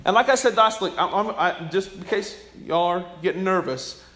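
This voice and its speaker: A male pastor delivers a sermon in a fairly high voice. He swings from hushed, low passages up to shouted emphasis. He often doubles back and repeats words as he presses his point. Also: normal speed. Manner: impassioned preaching, swings between hushed and loud; repeats words and restarts lines.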